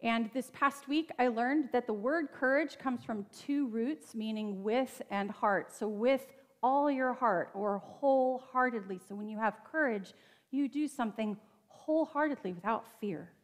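A woman's voice: on the high side, measured pace. Woman preaching in a reverberant church. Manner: conversational, earnest, with rhetorical asides. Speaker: pastor. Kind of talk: sermon. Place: church sanctuary.

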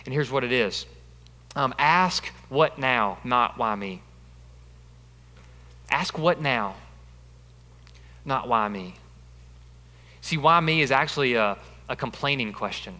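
A man preaching a sermon as pastor, emphatic and repetitive, building to loud peaks. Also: medium pitch, expressive, measured pace, long pauses. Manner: emphatic, repeats phrases, rising to loud peaks. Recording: long reverb of a large hall.

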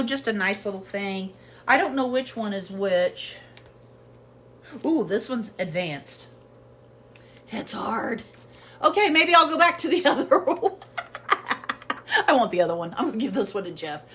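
In her kitchen at home, a woman rambles casually through a home haul video, her talk full of fillers. Her mid-range voice is animated and sharp in tone, a little slow, with frequent pauses. There's slight background noise.

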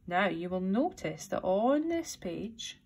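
Teacher lady reading a kids' book aloud, slow clear instructions. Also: medium pitch, big pitch swings, darkish tone. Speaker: primary school teacher.

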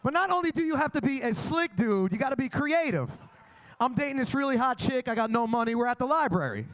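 High-pitched brash man doing crude stand-up. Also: animated, quick pace, fairly bright tone. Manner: brash, crude, boastful storytelling. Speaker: stand-up comedian. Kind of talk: live stand-up comedy set. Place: comedy club.

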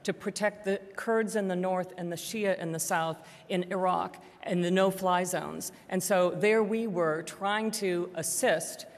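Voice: medium pitch, fairly even intonation, a little slow, few pauses. A panelist making a comment in a debate, with hesitant fillers. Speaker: panel speaker. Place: large concert hall. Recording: long hall reverb.

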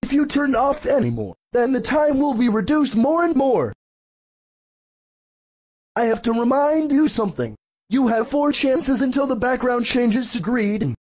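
A man's voice: expressive, a little slow, darkish tone, breathy edge, full character voice. A man voicing a bossy purple dinosaur who scolds and threatens, in a fan-made cartoon with dull, lo-fi sound. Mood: scolding. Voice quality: very high-pitched. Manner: scolding, threatening, repeating rules. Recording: dull lo-fi audio.

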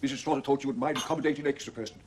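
A man's voice: medium pitch, steady tone, very fast, natural voice. An actor playing a deferential male servant in a 1970s TV period drama. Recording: noisy 1970s TV drama soundtrack.

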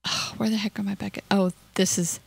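Young woman host of a gaming video, mid pitch, chatty and hyper, giggly, close and dry on the mic. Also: flat delivery, fairly quick, vocal fry, husky, dry recording. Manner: chatty and giggly, coos in a high voice at in-game creatures; hyper and scattered. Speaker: let's play host. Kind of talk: casual gameplay commentary.

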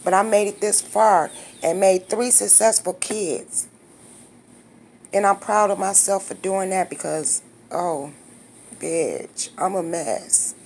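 A woman's voice: medium pitch, slow pace, a little mellow, a little hiss or hum. A woman in her fifties talking straight to her viewers in a casual vlog, blunt, candid, slangy and emotional. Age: 50s. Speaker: vlogger.

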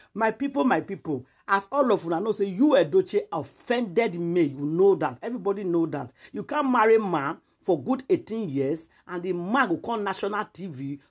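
Nigerian woman, husky voice, preachy gossip vlog commentary, repeats herself. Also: on the low side, a little mellow. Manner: preachy, lecturing and repetitive. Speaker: gossip vlogger. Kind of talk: emphatic commentary.

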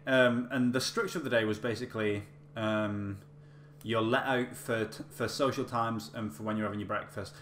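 Rambling male vlogger, low voice, roomy echo, casual storytelling. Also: a bit bright. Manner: chatty, rambling with many fillers and restarts. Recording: echoey room with faint hum.

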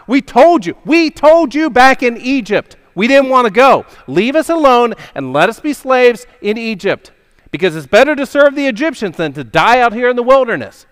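A man's voice: very high voice, big pitch swings, normal speed, clean tone, long reverb tail, voice pushed up. A man doing an angry panicked crowd. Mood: furious. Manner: loud complaining outburst. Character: angry frightened crowd of runaway slaves.

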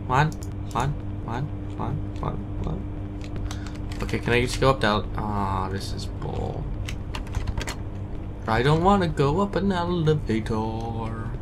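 A man talks through a horror game at a relaxed, slow pace, jumping at scares and cursing at enemies. His desk mic picks up clear keyboard typing behind him. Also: medium pitch, background noise. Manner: jumpy, swears and taunts enemies. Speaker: let's play gamer. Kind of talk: casual horror gameplay commentary.

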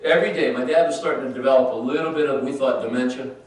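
A man preaching a sermon as pastor, dramatically acting out scripture, then softening into personal storytelling. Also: mid-range voice, fast. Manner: emphatic preaching, voices Bible figures, drops to soft storytelling. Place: church sanctuary. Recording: roomy church, far from the mic.

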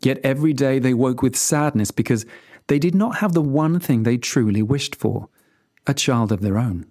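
A storyteller reading a classic fairy tale aloud for English learners. The delivery is expressive, with a lively, swinging pitch and an animated, storybook feel. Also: moderate pace, no echo, studio quality.

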